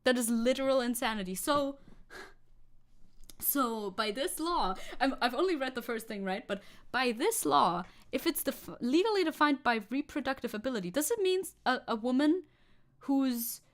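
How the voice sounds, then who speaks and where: A young woman from Germany streaming as a VTuber, chatting casually with her audience, reading comments aloud and laughing often. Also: moderate pace. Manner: chatty, laughs often, reads chat aloud, jumps high when excited. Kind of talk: casual livestream chat.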